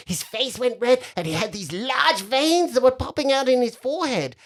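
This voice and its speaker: A woman's voice: on the high side, pitched above the performer's own voice. A woman voicing a spoiled, bossy little girl wizard who talks in an imperious, whiny, sing-song way, in a tabletop game. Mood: sulky.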